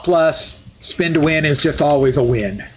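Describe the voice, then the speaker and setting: A man's voice: fairly high pitch, unhurried, slight background noise. A man streaming live, chatting through gameplay with wry asides and jokes.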